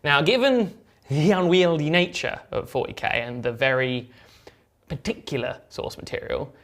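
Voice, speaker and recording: A man's voice: on the high side, animated, normal speed. A man co-hosting a gaming podcast, chatting casually and acting out quotes in asides. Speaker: podcast co-host. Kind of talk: casual discussion.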